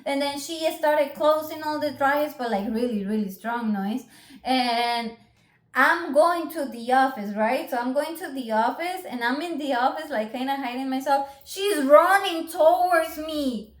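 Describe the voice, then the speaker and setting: A young adult woman telling a story in a casual, animated vlog. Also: high-pitched, measured pace. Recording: echoey room.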